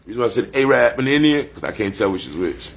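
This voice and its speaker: A man's voice: medium pitch, vocal fry, a bit bright. A man, rambling profanely and boastfully on a casual livestream. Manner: loose, profane, boastful street talk.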